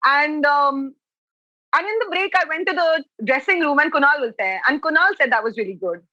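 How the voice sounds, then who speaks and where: A young woman tells stories as a podcast guest on a remote call. Her voice is high and bright, with a dry, close sound. She talks in a loose, chatty way and swears casually. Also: normal speed, no room sound, lo-fi sound. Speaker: guest, comedian.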